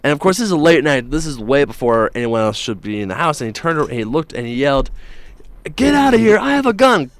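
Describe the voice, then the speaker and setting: A man's voice: medium pitch, lively intonation, fast, few pauses, smooth, dry recording. A man hosting a morning show, telling news stories in a rambling, jokey way with plenty of fillers. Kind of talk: casual radio-style chat.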